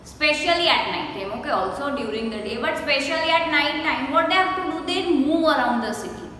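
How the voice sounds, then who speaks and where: A woman teacher with an Indian English accent and a high, bright voice works through a lesson patiently. She spells words letter by letter and stretches out each syllable. The sound is very echoey, with a long reverb and a faint hiss. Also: expressive, brisk. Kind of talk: recorded classroom lesson. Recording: echoey room with faint noise.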